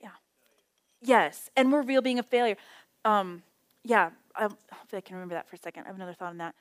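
A middle-aged woman leads a Bible study casually and conversationally, her voice mid-range and quick. She tells stories full of lively, acted-out quotes.

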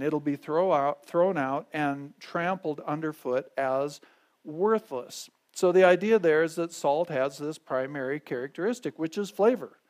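Male pastor, sermon delivery, somewhat high voice, chatty teaching tone with frequent "okay?" check-ins. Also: darkish tone. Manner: conversational, repeats key phrases, checks in with "okay?". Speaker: pastor teaching a Bible study.

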